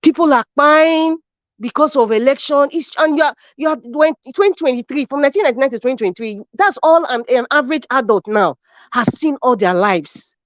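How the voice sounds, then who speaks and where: A woman's voice: high voice, animated, a little fast, no room sound. A woman with a Nigerian accent, calling into a live show with impassioned social commentary, repeating phrases fervently like a preacher. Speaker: caller on a live stream show. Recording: dull lo-fi dry stream audio.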